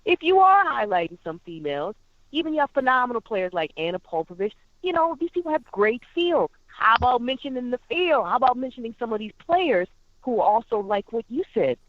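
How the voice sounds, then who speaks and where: Effusive, high-voiced woman guitarist. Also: fairly quick, muffled recording. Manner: effusive, exclamatory, animated. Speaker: guest guitarist and singer. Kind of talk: podcast interview.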